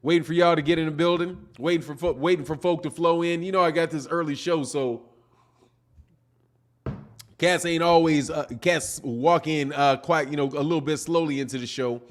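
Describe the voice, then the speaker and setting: A man's voice: on the high side, fairly even intonation, moderate pace. Laid-back man hosting a live boxing stream. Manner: laid-back, rambling, peppers talk with "man". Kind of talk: casual live-stream chat, reading viewer comments.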